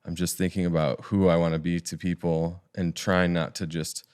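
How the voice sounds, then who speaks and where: A man's voice: deep voice, level tone, normal speed, a little mellow, clean tone, no echo, clean studio sound. A man, a musician and mix engineer, talking in a casual podcast conversation in an encouraging, thoughtful way.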